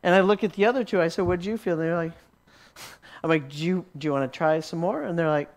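Higher-voiced man telling a sermon story. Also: a little fast. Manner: stammering word repeats, chuckles often. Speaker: Christian teacher.

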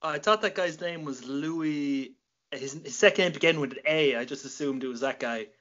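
A man's voice: fairly high pitch, normal speed, fairly bright tone. Young irish guy hosting a chat, rambly, jokey, swears a ton, muffled audio. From Ireland. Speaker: podcast host. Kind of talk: casual interview chat.

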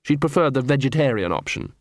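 A man narrating an audiobook, telling a comic story in an even, dry manner on a close studio mic. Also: medium pitch, fairly quick, no room sound. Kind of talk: scripted narration.

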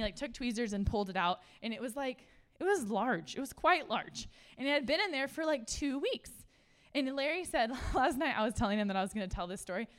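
Lady in her thirties preaching, chatty and animated, laughs a lot, kinda high voice. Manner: conversational and animated, laughs often. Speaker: pastor. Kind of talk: sermon.

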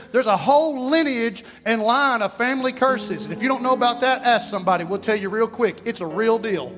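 High-voiced preaching man. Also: big-room sound. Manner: animated preaching with call-and-response. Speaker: pastor. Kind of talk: sermon. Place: church sanctuary.

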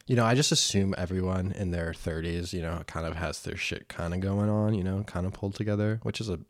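A man's voice: deep voice, brisk, no room sound, studio quality. A young man talking to himself alone in his room for a casual vlog, rambling and self-mocking, often stopping and restarting. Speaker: vlogger.

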